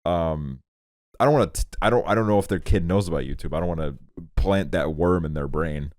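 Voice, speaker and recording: Fast-talking low-voiced young man. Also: a little mellow, dry recording, studio quality. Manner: rambling, profane, stumbling restarts. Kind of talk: casual podcast chat.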